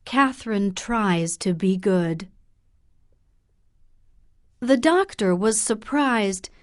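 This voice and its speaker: A woman narrating a graded English learner audiobook in a slow, clear, measured way. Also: medium pitch, no room sound, studio quality.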